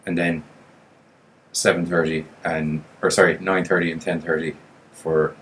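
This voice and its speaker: A man's voice: deep voice, little pitch movement, moderate pace, fairly bright tone, slight background noise. A man co-hosting a horror podcast in casual chat, joking and swearing as he rambles. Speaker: podcast co-host.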